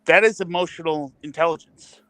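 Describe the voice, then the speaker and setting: A man's voice: fairly high pitch, fairly quick, fairly bright tone, no room sound, poor audio. A man in a casual streamed discussion, interrupting insistently to argue his point. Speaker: panelist in a stream debate.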